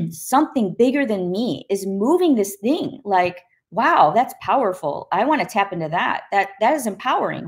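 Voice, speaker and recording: A middle-aged woman sharing a personal testimony as an interview guest, telling her story in a lively, conversational way and acting out the voices in it. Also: mid-range voice.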